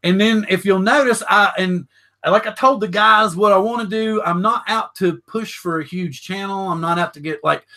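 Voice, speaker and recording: Bright-voiced older man hosting, rambling. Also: high-pitched, normal speed. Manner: rambling, many fillers and restarts. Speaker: show host. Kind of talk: casual live show chat.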